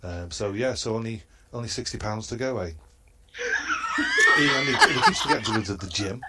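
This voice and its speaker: A man doing a comedy roast in a halting, hesitant delivery and chuckling at his own crude jokes. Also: fairly low pitch. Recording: noisy line.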